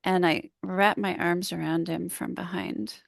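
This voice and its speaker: A woman's voice: fairly low pitch, fairly even intonation, a little slow, creaky, no room sound, clean studio sound. A woman, a business coach and public speaker, telling an earnest, heartfelt story in a casual podcast conversation.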